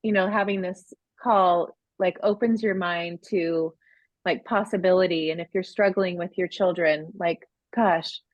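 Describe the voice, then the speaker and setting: A woman's voice: fairly low pitch, fairly even intonation, a little slow, no echo. Woman, forties, heartfelt, rambling, restarts sentences, video call, dull muffled audio. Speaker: parenting course co-host. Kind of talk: emotional casual talk on a live video course. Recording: dull lo-fi sound.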